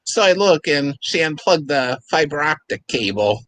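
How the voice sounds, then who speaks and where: Casual male guest, relaxed storyteller, somewhat high voice, dry recording. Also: normal speed, no room sound, poor audio. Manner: relaxed storytelling about his cat. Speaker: live chat guest. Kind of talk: casual chat.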